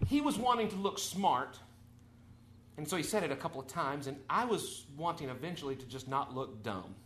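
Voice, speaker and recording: A man preaching a conversational, animated sermon, his volume rising and falling. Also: fairly high pitch, slight background noise. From Texas or Arkansas, USA. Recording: echoey room.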